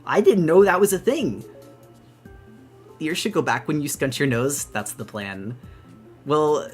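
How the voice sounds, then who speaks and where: Bubbly young woman streaming with animated pitch. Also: measured pace, slightly rough, soft background music. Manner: bubbly, gushing, rambling with restarts. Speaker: VTuber streamer. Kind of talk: excited casual live-stream chat.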